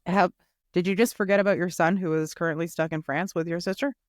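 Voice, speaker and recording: A woman co-hosting a casual show recap, skeptical and animated as she retells scenes with quoted asides. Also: on the low side, quick pace, no room sound, clean studio sound. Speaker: recap podcast co-host. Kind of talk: casual chat reviewing a reality show.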